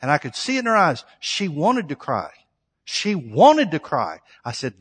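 A man's voice: fairly high pitch, huge pitch swings, moderate pace, a bit bright, husky. A male pastor preaching a sermon, emphatic and storytelling, acting out quoted exchanges. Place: church sanctuary. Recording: long hall reverb.

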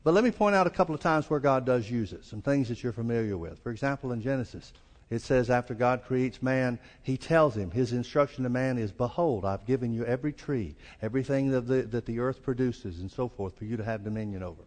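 In a fairly quick, darkish voice, a Southern US pastor preaches in a folksy way. He acts out the lines he quotes with rising pitch, and the hall's long reverb lingers.

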